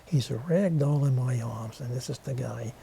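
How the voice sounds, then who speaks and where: A man's voice: mid-range voice, moderate pace, gravelly, warm tone, a little hiss or hum. A man with a New York accent, a guest on a TV interview show, telling a story and acting out the voices of the people in it. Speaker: guest, interviewer of war veterans. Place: TV studio.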